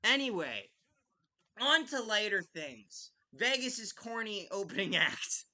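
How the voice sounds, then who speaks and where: Man, podcast host, high voice, very bright, casual live commentary, ranting, swearing, lots of fillers. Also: big pitch swings, takes it slowly. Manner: ranting, impassioned, frequent "like" fillers and restarts.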